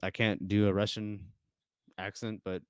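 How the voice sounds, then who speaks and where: Guesting on a podcast, a young male musician with a low, smooth, resonant voice shares stories casually, stumbling through fillers and false starts and laughing often. The close, dry recording has no echo; his delivery is flat, unhurried, and conversational rather than polished.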